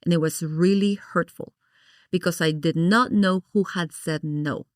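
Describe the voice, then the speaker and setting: A middle-aged woman from Guatemala, a podcast guest, telling her story in an animated, expressive way and acting out her past reactions. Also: lowish voice, a little slow, dry recording, studio quality. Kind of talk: personal storytelling in an interview.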